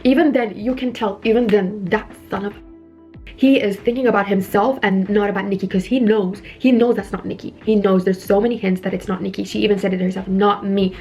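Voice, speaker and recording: A young woman talks casually at home, walking through a horror film's plot with constant "like" fillers and quick acted-out lines of dialogue. Her voice sits at a middling pitch for a woman, with faint music playing underneath. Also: fairly even intonation, a little mellow. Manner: chatty, lots of "like" fillers, retells dialogue. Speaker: beauty vlogger recapping a horror film. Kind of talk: casual chat while doing makeup. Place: indoors at home.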